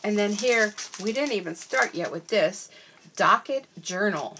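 A woman's voice: mid-range voice, lively intonation, a little slow, pushed and bright, a little hiss or hum. An older woman and grandmother chatting casually as she unboxes craft stickers, gushing and exclaiming with gasps and little oohs. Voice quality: wears bifocals. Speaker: crafting vlogger.

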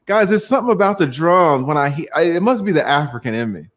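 A man hosting a live-stream panel in casual chat, animated and chatty with frequent filler sounds. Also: fairly high pitch, quick pace.

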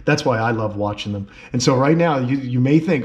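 A man hosting a reptile vlog, narrating in a casual, excitable way that sometimes tips into yelling. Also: mid-range voice, moderate pace. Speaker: vlog host and reptile keeper.

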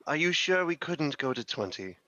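A man's voice: fairly high pitch, very animated, normal speed, sharp tone, no echo, lo-fi sound. A man playing a tabletop game, bargaining playfully with a dry humor. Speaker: player. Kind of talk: casual tabletop game chat.

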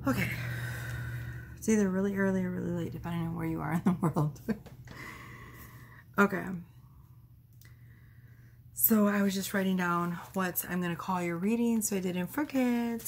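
A woman with a gravelly, creaky voice giving a casual tarot reading at home. She talks in a chatty, loose way, laughs often, swears freely and sounds a little out of breath. Faint noise sits behind her. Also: medium pitch, fairly even intonation, normal speed, pauses often, darkish tone. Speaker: tarot reader.

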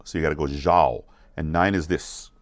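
A man teaching children a counting song, going slowly and repeating each word so they can follow. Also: very deep voice, fairly even intonation, no echo, clean studio sound. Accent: American. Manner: repeats words slowly, asks questions to check along. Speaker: music teacher. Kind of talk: slow, patient lesson for kids.

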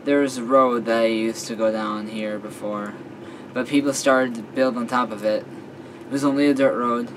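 Halting young man reading a story aloud. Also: mid-range voice, steady tone, noisy background. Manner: halting, with fillers and self-corrections. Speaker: story reader. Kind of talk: casual reading of a fan story.

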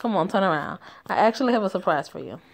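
A woman's voice: medium pitch, animated, quick pace. A woman voicing a smug, teasing male teacher, reading his lines in a story game. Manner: teasing, mocking.

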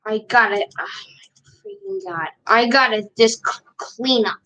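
A woman's voice: a little high, unhurried, sharp tone, low-quality recording. A woman streaming live, chatting casually to herself while she shares her screen and repeats her questions.

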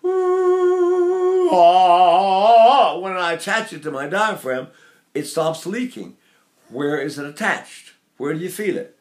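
An older male singing teacher talks through his lesson in an animated, rambling way. His speaking voice sits a bit high and swings widely in pitch. He keeps breaking off to demonstrate sounds. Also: moderate pace. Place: Seattle area.

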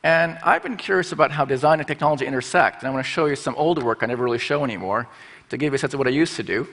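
A man's voice: medium pitch, racing, a bit bright. A middle-aged man giving a conference talk on stage as a design school president, playful and acting out little voices. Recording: long hall reverb.

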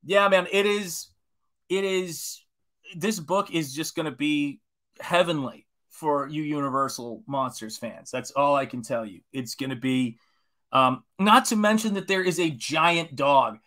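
Painting during a live stream, this artist in his forties speaks in a slightly high, somewhat bright voice at a measured pace. He rambles enthusiastically and casually as he says hello to his viewers.

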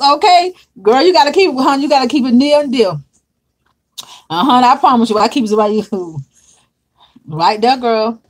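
Animated woman chatting with viewers. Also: sits high. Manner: animated, dramatic, laughs a lot, calls viewers honey and child. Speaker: livestream host reading viewer comments. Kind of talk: casual livestream chat.

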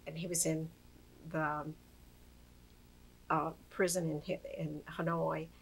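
Woman interviewer, lower-pitched, encouraging. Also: level tone, takes it slowly, vocal fry, a little hiss or hum, low-quality recording. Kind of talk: interview questions and brief responses.

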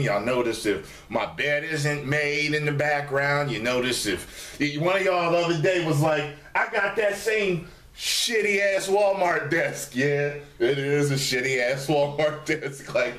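A man vlogging casually to camera from the dining room of his studio apartment, animated and profane, and he mimics his commenters in a raised voice. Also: mid-range voice, echoey room.

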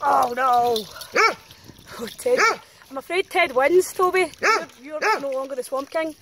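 A woman's voice: sits high, a little slow, a bit bright. A woman filming a walk, exclaiming and teasing as she talks to the dogs around her. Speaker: professional dog walker. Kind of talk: chatty outdoor vlog talking to dogs. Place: muddy countryside outdoors. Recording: outdoor noise with barking dogs. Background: dogs barking.

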